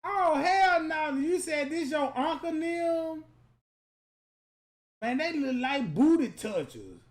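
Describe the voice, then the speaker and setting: Slow, crude man roasting photos. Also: extremely high pitch, expressive. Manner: loud, crude and mocking, breaking into sudden shouts. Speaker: comedic commentator. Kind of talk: profane comedic roast commentary. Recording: roomy echoey room.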